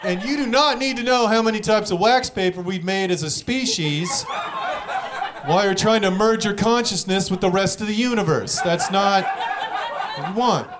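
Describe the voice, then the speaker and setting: A young man doing a stand-up comedy set, telling stories in a profane, rapid way with act-outs, audience laughing behind him. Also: high voice, background noise.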